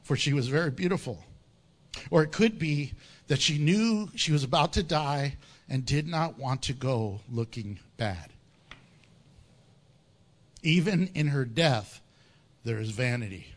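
A pastor tells an animated story in his sermon, cracking jokes and acting out the characters' lines in different voices. His mid-range voice moves a little slowly, with long pauses.

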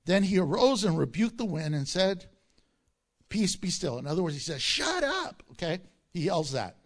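An animated male pastor preaching with a high-pitched voice that swings widely up and down. He reads scripture aloud, then drops into playful asides and acts out the lines he quotes. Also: moderate pace. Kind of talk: sermon.

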